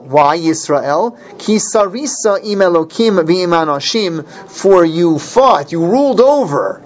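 Male Torah teacher, a bit high-pitched, explains verses and backtracks often; muffled lo-fi recording. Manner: explains Hebrew verses line by line, with restarts. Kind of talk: Torah class lecture. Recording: dull lo-fi recording.

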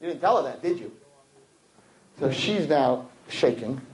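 A man, a rabbi telling a story to a live audience in an animated sermon, acting out the people in it. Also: measured pace, echoey room, poor audio. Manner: animated storyteller acting out quotes, swinging loud and high. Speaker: rabbi giving a talk to young people.

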